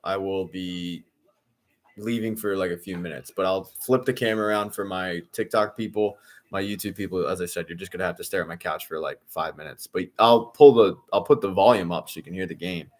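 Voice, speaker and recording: A man in his thirties with a low, deep voice, chatting casually to his live-stream viewers. He keeps up a loose running commentary on the game and now and then breaks into loud, exasperated outbursts when his team plays badly. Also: a little fast. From Philadelphia area. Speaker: streamer hosting a football watch-along.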